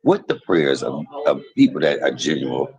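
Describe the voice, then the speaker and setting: Animated man streaming from a hospital bed. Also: a bass voice, moderate pace, poor audio. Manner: preachy, animated, repeats himself. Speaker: livestream host. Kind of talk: casual live stream talk. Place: hospital emergency room bed.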